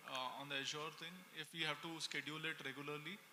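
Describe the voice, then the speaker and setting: A man's voice: a little high, fairly even intonation, fast, bright, forceful tone. A man in a conference audience asking a technical question, rephrasing as he goes. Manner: searching, rephrasing as he asks. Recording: echoey conference hall, faint noise.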